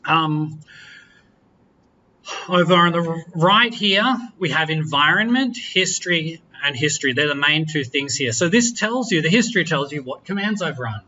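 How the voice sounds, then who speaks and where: Bright-voiced man lecturing casually. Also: on the high side, moderate pace, lo-fi sound, a little hiss or hum. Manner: relaxed, chatty, self-correcting, jokes with students. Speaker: university lecturer. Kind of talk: classroom software walkthrough. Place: lecture room.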